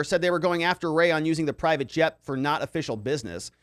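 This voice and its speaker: A man's voice: fairly high pitch, fast talker, hardly any pauses, fairly bright tone, no echo, clean studio sound. A man hosting a casual commentary livestream, reading viewer comments aloud and reacting in a loose, conversational way with many fillers. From Arizona. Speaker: livestream host reading chat.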